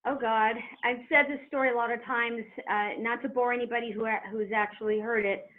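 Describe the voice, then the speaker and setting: A woman's voice: fairly high pitch, a little fast, a little hiss or hum. Chatty middle-aged woman over a phone line. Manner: chatty, animated storyteller who laughs as she talks. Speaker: guest, former wrestler. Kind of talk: telling a story in an interview.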